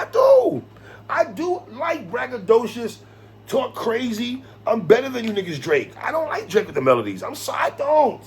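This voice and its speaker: A man hosting a hip-hop commentary vlog, talking in a slangy, animated way, laughing and quoting lyrics. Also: very high voice, vocal fry. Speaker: host.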